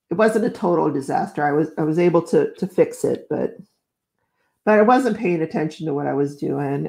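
A woman's voice: fairly low pitch, gravelly, a little mellow. Middle-aged lady hosting a crafting livestream, gushy and chatty, lots of oh my goodness. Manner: chatty, effusive, greets viewers, frequent exclamations. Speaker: livestream host. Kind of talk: casual live-stream chat while crafting.

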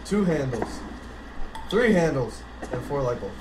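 A man playing a horror game with friends, jumpy and cursing as he talks through his fear, in an echoey room with loud noise. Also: medium pitch, very animated, unhurried, a crowd in the background. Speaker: player.

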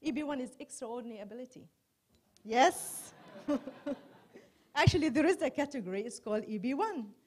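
High-voiced woman telling self-mocking stories. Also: expressive, moderate pace, pauses often, a little mellow. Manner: chatty, self-mocking storytelling with wry asides. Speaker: journalist doing stand-up. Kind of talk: stand-up comedy set. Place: large hall before a live audience.

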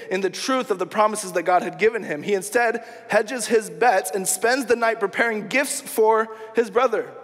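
A man's voice: sits high, fairly bright tone. A man preaching a sermon as pastor, retelling a story casually and acting out the quoted lines. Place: church sanctuary. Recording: long church reverb.

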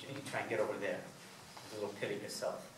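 A man's voice: on the low side, fairly even intonation, racing, background noise. A male salsa instructor counting beats aloud and explaining moves to a class in a casual, loose way. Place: dance studio, indoors. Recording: echoey studio from a distant camera.

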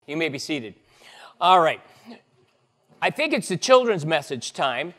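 High-voiced, unhurried pastor in church. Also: male voice, sing-song, fairly bright tone. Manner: upbeat and playful with children, loose and chatty. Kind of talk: prayer and children's message at a church service. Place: church sanctuary.

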